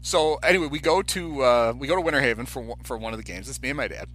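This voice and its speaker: This podcast co-host talks fast in a medium-pitched voice, relating a story casually and animatedly while performing the voices of the people involved.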